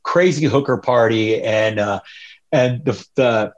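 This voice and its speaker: Here a Northern California punk musician, appearing as an interview guest, spins loose, wandering stories and acts out other people's words with energy. His medium-pitched voice moves a little slowly, and the high frequencies are cut off.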